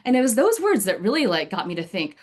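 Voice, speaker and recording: A woman's voice: medium pitch, sing-song, quick pace. A woman giving a personal storytelling speech to her speaking club over a video call, chatty and full of fillers, often laughing.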